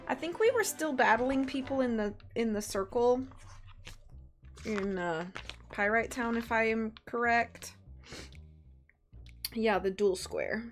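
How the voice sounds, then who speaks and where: A young woman chatting casually on a live stream while playing a game, bubbly and excitable. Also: a little high. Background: faint game music.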